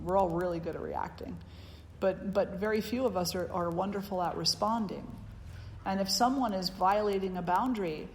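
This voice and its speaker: A woman giving a spiritual teaching talk, earnest and emphatic, often repeating her key phrases. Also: mid-range voice. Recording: long reverb hall with faint background noise.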